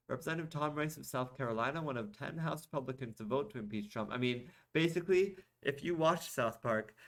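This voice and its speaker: A man's voice: mid-range voice, fairly bright tone. Sarcastic man reading news aloud. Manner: sarcastic asides between read-out articles. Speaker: podcast host reading news. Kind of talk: casual news commentary.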